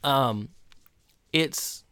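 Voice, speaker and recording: Male podcast co-host, mid-pitched, close and dry; retells scenes in quick, lively bursts. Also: clean tone, no echo. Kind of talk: casual chat recapping TV episodes.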